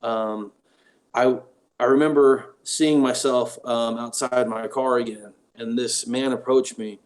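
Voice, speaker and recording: Halting man telling his story. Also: medium pitch, steady tone. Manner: halting, with frequent ums and restarts. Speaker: guest paranormal investigator. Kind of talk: personal storytelling in an interview.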